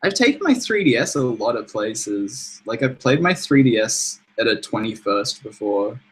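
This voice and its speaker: A man's voice: medium pitch, very animated, moderate pace, poor audio. A young man co-hosting a casual chat show, laid-back, laughing often and swearing freely. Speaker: podcast co-host.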